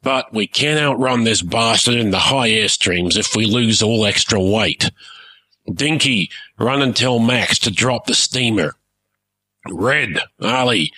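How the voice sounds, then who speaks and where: A man voicing a gruff, blustering pirate airship captain who barks orders. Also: lowish voice, sharp tone, no room sound, full character voice.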